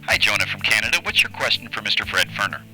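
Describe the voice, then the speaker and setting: A male call screener with a very bright, sharp voice. He sounds upbeat. He repeats each caller's question back before passing it on. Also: fairly low pitch, animated, fast, soft background music, poor audio. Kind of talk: comic live call-in chat.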